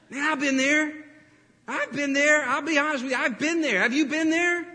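A man preaching a sermon as pastor, animated and storytelling, breaking into laughs and acting out quotes. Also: very high voice, moderate pace. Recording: reverberant hall.

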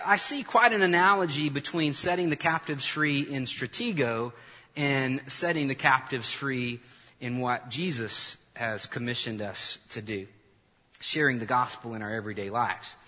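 A male pastor delivers an animated sermon in a bright, somewhat husky voice. His words ring out with a long reverb in a church hall. He draws the congregation in, asking them to repeat lines back to him. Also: mid-range voice.

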